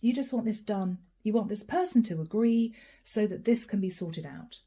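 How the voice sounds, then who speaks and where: A woman reads tarot cards for her viewers in a soft, mellow voice and talks straight to the camera. She names each card as she turns it over and stops for sighs and small asides. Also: mid-range voice, animated, moderate pace, slightly rough. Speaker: tarot reader. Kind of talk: channeled tarot reading.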